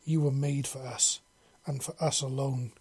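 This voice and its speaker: A man voicing a loving female alien huntress in a soft, purring, flat reading for a storybook. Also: medium pitch, a little slow, slightly rough. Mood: tender.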